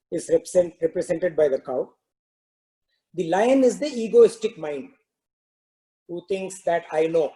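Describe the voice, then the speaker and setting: Very mellow-voiced man teaching a satsang. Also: high voice, low-quality recording. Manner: conversational, many "you know" fillers. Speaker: spiritual teacher. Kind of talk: devotional discourse with storytelling.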